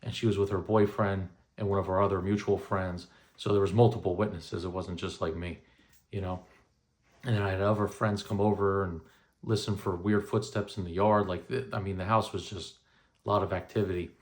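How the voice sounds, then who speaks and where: A man's voice: low voice, fairly even intonation, fairly quick, darkish tone. A man in his thirties casually telling a personal story, rambling with many fillers and restarts. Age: 30s.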